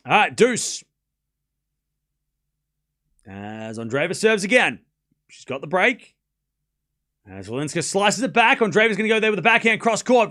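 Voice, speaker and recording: A man's voice: high-pitched, big pitch swings, moderate pace, pauses often, pushed and bright. A young Australian man giving casual live tennis commentary on a stream, chatting with his viewers and laughing often. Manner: chatty, reads chat aloud, laughs often.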